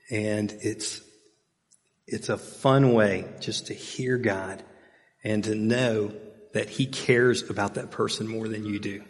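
A middle-aged man preaching a sermon in a relaxed, conversational way, telling stories with plenty of fillers and asides. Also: fairly low pitch, measured pace. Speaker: pastor. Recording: long hall reverb.

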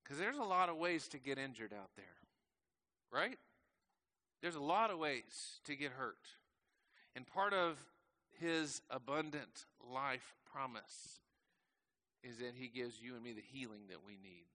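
A pastor delivers a sermon conversationally in a medium-pitched, animated voice. He often poses questions to his congregation, and his phrases slow down and drop softly at the ends.

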